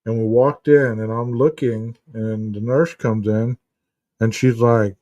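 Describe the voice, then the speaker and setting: A man's voice: mid-range voice, fairly even intonation, a little slow, mellow, dry recording, far from the mic. A man hosting a casual live stream as a therapist, telling stories and answering chat in a rambling way full of restarts and fillers. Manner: rambling, many restarts and "you know" fillers, storytelling. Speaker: host, therapist. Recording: dull, muffled sound from a mic set back.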